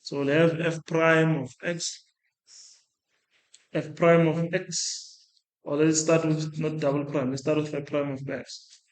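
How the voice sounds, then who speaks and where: A male maths lecturer with a fairly high voice explains a calculation step by step in a classroom. He thinks aloud, stopping to restart and correct himself. The room is echoey. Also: flat delivery, takes it slowly, pauses often. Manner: talks through working aloud, restarts and self-corrects.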